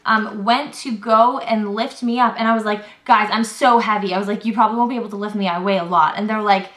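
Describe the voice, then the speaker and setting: A woman's voice: medium pitch, fairly bright tone. A young woman telling a story in a casual vlog, chatty and full of "like", acting out what everyone said. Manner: chatty retelling, heavy on "like" and "I was like", acts out quotes. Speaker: vlogger. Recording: roomy echo.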